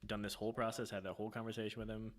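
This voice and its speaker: A man's voice: on the low side, flat delivery, racing. A man co-hosting a casual podcast, chiming in and giving listeners context. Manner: chimes in with short agreements, gives context to listeners. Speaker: podcast co-host. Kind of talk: casual chat.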